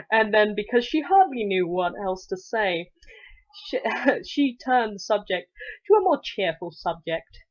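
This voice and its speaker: A woman's voice: medium pitch, big pitch swings, slow. A woman giving a parody storybook reading, narrating with giggly, irreverent asides. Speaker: reader. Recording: dull lo-fi recording.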